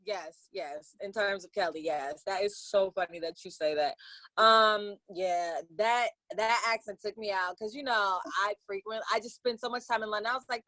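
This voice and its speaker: A woman co-hosting a podcast, chatting casually with slangy, animated storytelling. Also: medium pitch, a little fast, dry recording. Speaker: podcast co-host. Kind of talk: casual chat.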